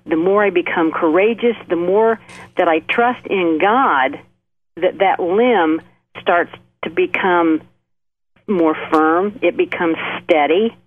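A woman's voice: on the low side, slow. A middle-aged woman co-hosting a Christian talk show, speaking earnestly and building her points with repeated phrases. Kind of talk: faith talk, testimony. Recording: tinny phone line.

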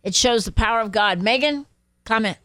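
A woman's voice: on the high side, normal speed, fairly bright tone, no room sound. A woman pastor hosting a radio show, preaching emphatically and affirming her guests. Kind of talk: radio sermon talk.

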